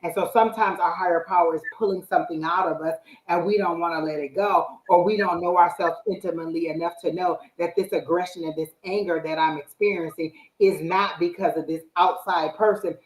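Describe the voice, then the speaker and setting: A woman with a low voice talks with a live stream audience in a casual, animated way and gives spiritual advice. She often acts out what she says to herself. Her voice rings in an echoey room. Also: a little fast, few pauses. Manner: animated, acts out her own inner voice and quotes. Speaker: psychic reader, live stream host.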